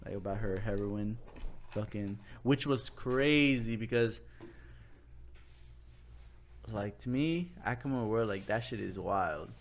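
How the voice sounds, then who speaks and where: A young man talking casually as a podcast guest, telling a story in an animated, profane way. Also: on the low side, slow pace, pauses often. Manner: animated, profane, quotes people in funny voices.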